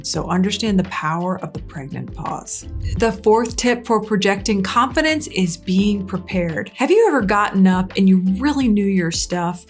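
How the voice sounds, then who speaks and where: Middle-aged woman, speaking coach, lively direct-to-camera delivery, asks questions, faint music underneath. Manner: energetic, asks the viewer questions, drops her voice low on key points.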